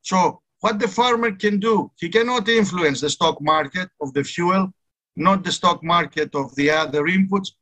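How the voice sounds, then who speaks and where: Guy giving a conference talk, kinda high bright voice, earnest, keeps stressing words. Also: moderate pace. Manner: earnest, emphatic, repeats key words. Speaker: conference speaker. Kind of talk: technical conference presentation.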